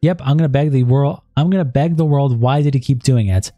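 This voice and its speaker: A man's voice: medium pitch, a little fast, dark tone, no echo, faint music behind. A man on a stream, reading a chat log aloud and breaking in with asides of disbelief.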